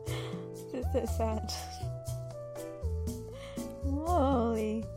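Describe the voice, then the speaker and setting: A woman's voice: sits high, normal speed, over loud music. A woman co-hosting a podcast over a video call, playful and a little hesitant in casual chat. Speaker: podcast co-host.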